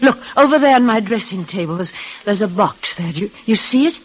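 An actress playing a dying young woman in a vintage radio drama, speaking in a breathless, halting, tremulous way. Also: mid-range voice, animated, natural voice. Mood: resigned. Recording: dull old radio recording.

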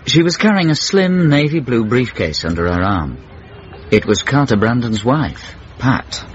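A man's voice: medium pitch, animated, unhurried. A man narrating a radio comedy drama in a dry, wry storytelling manner. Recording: muffled old radio.

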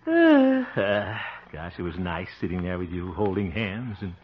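Bashful stammering small-town suitor, slow and swooping, vintage radio play with hiss. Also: male voice, low-pitched, sing-song. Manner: stammering, giggly, fumbling. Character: bashful lovesick small-town young man. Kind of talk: 1940s radio acting. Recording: dull hissy old radio recording.

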